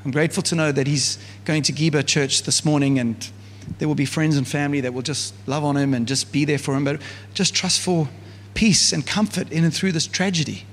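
A man preaches to his church in an easy, chatty way, often stopping to restart a thought. His voice is fairly high and a little husky. It rings out through a hall with a long reverb. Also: fairly even intonation, fairly quick. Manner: casual, conversational preaching with many fillers. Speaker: pastor. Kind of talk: sermon.

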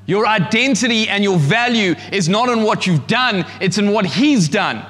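A man preaching a sermon with passion, rising to shouts as he acts out God speaking. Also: high voice, lively intonation, normal speed, in a large hall. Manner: impassioned, shouts when acting out God's voice. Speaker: pastor.

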